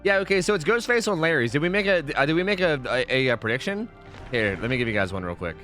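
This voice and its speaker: A man's voice: on the high side, lively intonation, fast talker, fairly bright tone, soft background music. A man hosting a casual livestream who swears a lot, rambles, and keeps thanking subscribers.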